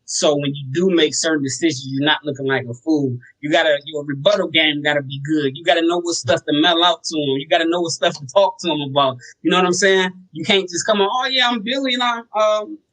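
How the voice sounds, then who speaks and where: Male podcast guest, easygoing and slangy, pitched a little high. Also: fast talker, few pauses, poor audio. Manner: relaxed, slangy, tells stories with acted quotes. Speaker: guest, sober home operator. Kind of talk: casual podcast talk.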